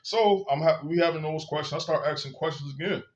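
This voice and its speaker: A man's voice: a little high, fairly quick, muffled recording. A man telling his own story in a candid, blunt and profane monologue, full of emphasis. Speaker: vlogger.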